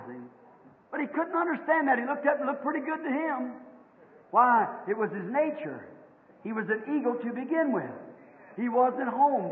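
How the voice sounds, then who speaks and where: A man preaches with fervor in a very high voice, shifting from hushed storytelling to loud, shouted appeals. The sound is thin and phone-like, from an old archival recording. A long hall echo trails behind each phrase. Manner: rises from low storytelling to shouted exhortation. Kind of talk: fervent sermon storytelling.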